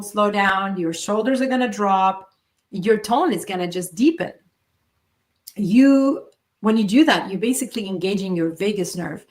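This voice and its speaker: A woman hosting a solo motivational podcast, speaking in an earnest coaching tone with emphatic pauses. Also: medium pitch. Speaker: podcast host.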